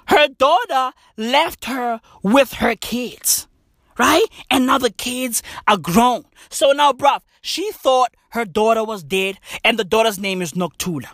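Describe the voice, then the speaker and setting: A man hosting a podcast, telling a story in an animated, profane, slang-heavy monologue. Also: extremely high pitch, no echo, clean studio sound. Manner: swearing, slangy, says "bruv" and "right?" often. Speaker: podcast host.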